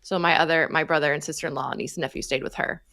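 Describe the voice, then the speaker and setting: A woman in her thirties co-hosting a podcast, telling stories in lively, animated casual chat and laughing often. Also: low voice, very fast, gravelly, dry recording. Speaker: podcast co-host.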